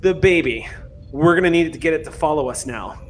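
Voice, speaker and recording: A man voicing an excitable crewmate on the comms, in a high, eager voice. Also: slight background noise, lightly acted. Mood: urgent. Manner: excited, fast and breathless.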